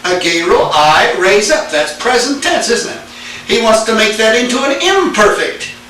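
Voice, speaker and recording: A man's voice: high-pitched, big pitch swings, normal speed, sharp tone, a little hiss or hum. A man teaching Greek grammar in a classroom, quizzing students with "all right?" and "now then". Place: church classroom. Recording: echoey room tape from far off.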